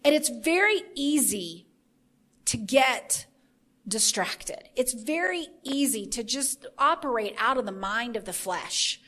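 A woman's voice: fairly high pitch, expressive, slow, a bit bright. A woman giving an informal sermon on her podcast, earnest, stacking repeated phrases for emphasis and thinking aloud. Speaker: podcast host teaching the Bible.

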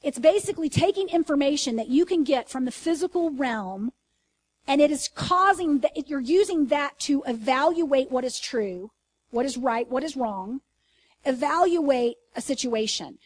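High-voiced woman teaching a sermon. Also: animated, no echo. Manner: earnest, conversational, asks the listeners questions; reads scripture slowly and emphatically. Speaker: Bible teacher.

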